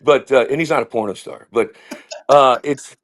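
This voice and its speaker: A man, a comedian guest, telling rambling animated stories in casual talk over a video call. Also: medium pitch, normal speed. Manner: rambling, animated, slips into impressions. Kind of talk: casual interview storytelling.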